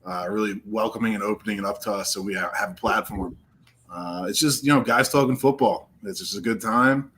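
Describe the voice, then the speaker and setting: A man chatting casually about football as a guest on a live draft stream, with joking, relaxed banter. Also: fairly low pitch, brisk, a little hiss or hum. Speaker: guest co-host.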